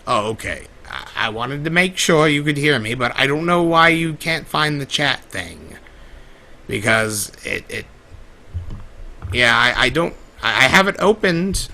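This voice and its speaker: A man doing Discord, a gravelly, theatrical chaos spirit. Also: medium pitch, lively intonation, unhurried, pushed and bright, full character voice. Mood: fussy, bewildered. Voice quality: gravelly, drawling, calls people darling. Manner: dramatic sighs and melodramatic laments. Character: vain theatrical male chaos spirit, self-pitying. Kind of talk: improvised in-character Q&A livestream.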